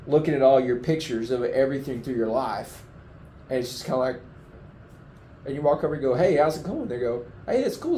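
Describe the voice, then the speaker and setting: A man giving a heartfelt, halting testimony in an interview, his emotion showing as he speaks. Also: mid-range voice, warm tone, a little hiss or hum. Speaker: flood survivor giving testimony. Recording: roomy echoing room.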